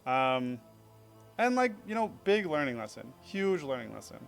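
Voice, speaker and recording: A man's voice: mid-range voice, very animated, moderate pace, creaky, loud music behind the voice. A young man casually reviewing his own chess game in a rambling, self-critical way, full of fillers.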